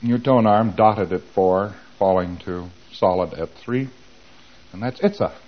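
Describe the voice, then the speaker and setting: A man's voice: lowish voice, measured pace. Man lecturing on a dull lo-fi tape. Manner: animated, acts out both sides of dialogues. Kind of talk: informal lecture.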